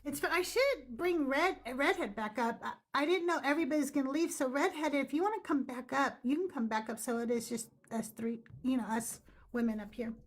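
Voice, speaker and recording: A woman's voice: high voice, a little fast. A woman hosting a casual debate livestream, bubbly, laughing often and swearing casually. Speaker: podcast host.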